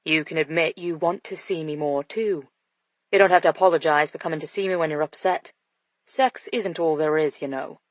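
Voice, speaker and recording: A woman reading an audiobook, voicing a confident, flirtatious British businessman with a low, teasing delivery. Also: fairly even intonation, moderate pace, no room sound, lightly acted. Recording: dull dry studio sound.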